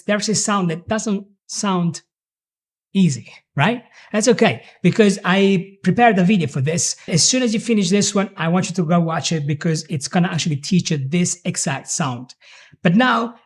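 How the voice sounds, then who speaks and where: Energetic man teaching English pronunciation. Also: high-pitched. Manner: energetic, drills phrases slowly then at speed. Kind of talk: online English lesson.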